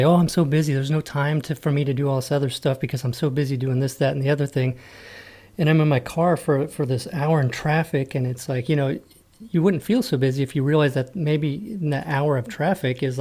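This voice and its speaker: A man's voice: medium pitch, fairly even intonation, fairly quick, a little mellow. A man hosting a podcast interview, chatting casually and often filling with "you know" and "like". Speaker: podcast host.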